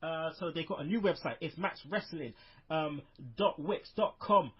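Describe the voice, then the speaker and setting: A podcast host from the United Kingdom rambles upbeat about wrestling on a casual show, using lots of fillers. His husky voice sits on the high side at a normal speed, and the audio comes over a muffled online call.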